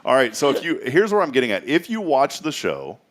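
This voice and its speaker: A man hosting a local morning show, bantering and teasing his guests with frequent laughter. His mid-pitched voice rises and falls in lively swoops as he jokes around. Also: brisk. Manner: playful, teasing, laughs often. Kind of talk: joking studio chat.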